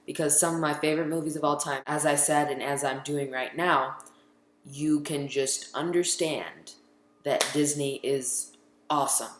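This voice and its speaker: A man's voice: a little high, fairly even intonation, normal speed, a bit bright, a little hiss or hum. A teenage boy vlogging casually, rambling and chatty, full of ums as he counts down his favorite movies. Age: teens. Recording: echoey room.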